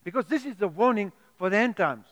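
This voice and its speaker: A man's voice: high-pitched, lively intonation, fairly quick. A man preaching a sermon, earnest and pleading, often repeating and restarting his words. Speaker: pastor. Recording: echoey hall with long reverb.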